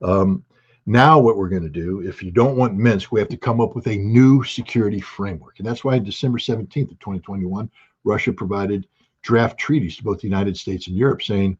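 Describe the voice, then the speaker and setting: A man giving forceful, sarcastic political commentary as a guest analyst, with a husky voice. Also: on the low side, brisk, dull audio. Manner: forceful, sarcastic, quotes leaders in mock voices.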